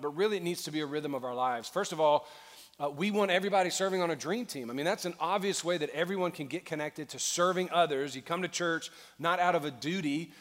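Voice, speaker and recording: A man's voice: a little high, fairly bright tone. A male pastor preaching a sermon, telling a story with earnestness and building to a fervent call to action. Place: large church auditorium. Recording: long reverb in a large hall.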